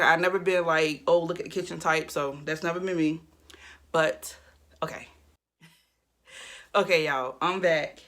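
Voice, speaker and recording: A woman's voice: fairly low pitch, fairly bright tone. A woman vlogging about hair care in a casual, chatty way, talking straight to her viewers. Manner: chatty, talks straight to viewers as y'all and child. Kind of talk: casual chat to camera.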